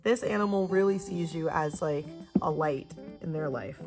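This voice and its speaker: A young woman giving a casual, chatty tarot reading to camera, gushing and talking with lively swings in pitch. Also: measured pace, hardly any pauses. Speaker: tarot reader. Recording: soft guitar music behind.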